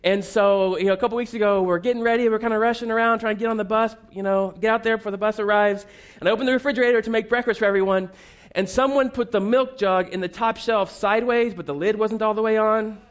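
A pastor preaches a sermon in a high-sitting, steady voice at a quick pace. He tells funny family stories in a conversational, self-deprecating way.

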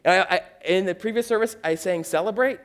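A pastor preaching a sermon in a conversational, earnest manner with playful asides. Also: male voice, high voice, fast, fairly bright tone, clear, resonant tone.

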